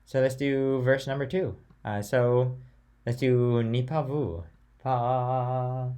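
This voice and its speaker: A man teaching a chant class at an unhurried pace. He talks in a relaxed, chatty way, then sings note names and short phrases himself, in a mid-range voice. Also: mid-range voice.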